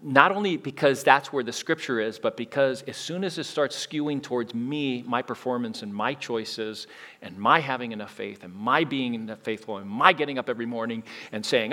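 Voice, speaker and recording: A man preaching a sermon in a conversational way, with frequent restarts and big swings between loud emphasis and quiet asides. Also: mid-range voice. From United States. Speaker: pastor.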